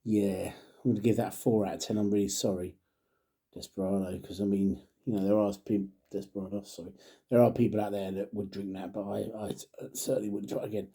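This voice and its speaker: A middle-aged man talks casually as he reviews drinks, rambling through jokey asides and muttered half-sentences. His voice sits fairly low, with a mellow, dark tone and a husky edge. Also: flat delivery, fast. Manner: mutters and trails off. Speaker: father. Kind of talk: casual chat to camera.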